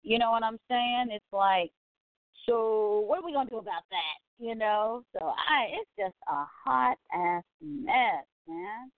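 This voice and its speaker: A woman's voice: on the high side, expressive, unhurried, no echo. Chatty woman on a tinny line. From California. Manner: chatty, full of "you know" and asides. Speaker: host of a live online talk show. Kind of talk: casual rambling commentary. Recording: dry, tinny phone-like sound.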